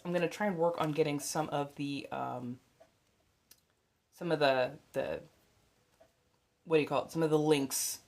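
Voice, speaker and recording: Her voice is deep and a little mellow. She's a young adult woman running a casual livestream as a host and tarot reader, talking bluntly and chattily, swearing without restraint, and filling gaps with fillers and laughter.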